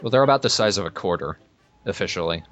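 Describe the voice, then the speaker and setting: A man's voice: low-pitched, expressive, fast talker, a bit bright, soft background music. A man co-commenting on a let's play, laying out game lore and fan theories with plenty of ums. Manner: nerdy, explains game lore and speculation with fillers.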